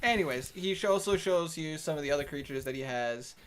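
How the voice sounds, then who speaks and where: A man's voice: on the high side, brisk, a bit bright, a little hiss or hum. A man narrating as dungeon master in a tabletop game played over voice chat, rambling and restarting his sentences. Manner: rambling, restarts often, laughs. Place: home, voice chat.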